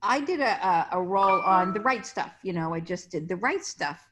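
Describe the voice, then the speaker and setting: A woman's voice: medium pitch, lively intonation, moderate pace, over music. A middle-aged woman, a casting director, telling industry anecdotes in a casual interview over a video call. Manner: chatty anecdotes, acting out quoted voices.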